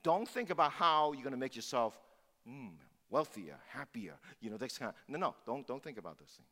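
A man's voice: mid-range voice, big pitch swings, a little fast, fairly bright tone. A male pastor giving a sermon, preaching emphatically and repeating phrases for force. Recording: long hall reverb.

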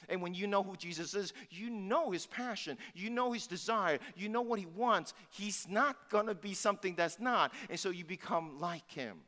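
A man's voice: sits high, moderate pace, hardly any pauses, pushed and bright. A male pastor giving a sermon, preaching emphatically and repeating phrases for force. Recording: long hall reverb.

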